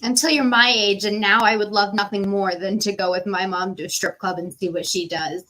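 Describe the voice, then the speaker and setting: A woman's voice: medium pitch, fairly even intonation, fairly quick, bright, forceful tone. A woman guest in a casual live chat, adding dry, wry comments.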